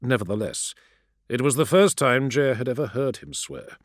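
A man narrating a science fiction audiobook in a dramatic, expressive way. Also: medium pitch, normal speed, dry recording, clean studio sound. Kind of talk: scripted narration.

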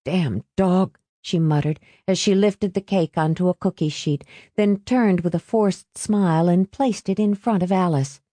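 A woman narrating a novel aloud with steady, expressive reading. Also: lowish voice, normal speed, few pauses, no echo. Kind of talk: audiobook narration.

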